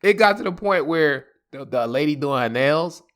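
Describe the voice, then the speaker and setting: A man hosting a podcast, telling a comic personal story in slangy, animated talk. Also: a little high, moderate pace, smooth. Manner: animated, slangy, laughing asides. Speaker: podcast host. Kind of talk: comedic storytelling.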